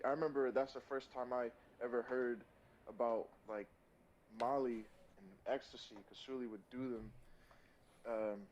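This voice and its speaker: A young man with an average-pitched voice rambles through a story in a halting way, full of fillers and restarts. His voice comes through a little dull and muffled. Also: a little mellow, slight background noise. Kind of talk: casual chat.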